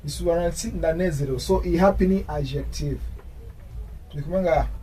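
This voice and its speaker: Man teaching slow English drills. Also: a little high, mellow, recorded from a distance, a little hiss or hum, poor audio. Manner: explains in Kirundi, repeats English examples slowly. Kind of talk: language lesson.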